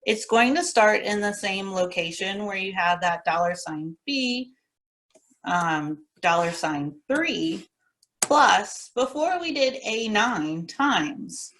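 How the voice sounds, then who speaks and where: A woman's voice: medium pitch, animated, slow, a bit bright. A woman teaching a recorded class lesson, walking through formulas methodically and repeating the key steps in a casual instructor tone. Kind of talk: recorded classroom lecture walkthrough.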